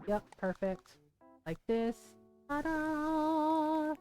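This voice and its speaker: A woman's voice: mid-range voice, measured pace, warm tone, soft background music. A woman streamer chatting casually and rambling through stories while playing. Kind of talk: casual gameplay chat.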